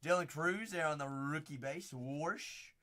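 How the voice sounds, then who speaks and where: This man hosts a live card break, reading off players and teams and talking to his viewers by name. His voice sits a little high and bright, and it leaps all over its range. He keeps an easy, unhurried pace. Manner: excitable, calls out players and teams, bursts into shouts on big pulls; chats with viewers by name between cards.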